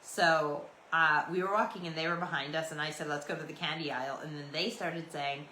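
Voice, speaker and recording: A Canadian woman in her forties rambles through a solo podcast in a loose, chatty, storytelling way. Her voice sits a little low but has a bright, forward edge. She is heard in an echoey room. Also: fairly even intonation, brisk, few pauses, a little hiss or hum. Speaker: podcast host.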